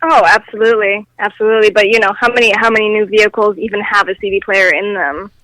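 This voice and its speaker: A young female singer calling in by phone for an interview. She talks in an upbeat, articulate way and laughs easily. Her voice has a mid pitch and sounds dry. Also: fairly even intonation, fast, bright, forceful tone, no room sound, low-quality recording. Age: young adult. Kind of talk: casual interview chat.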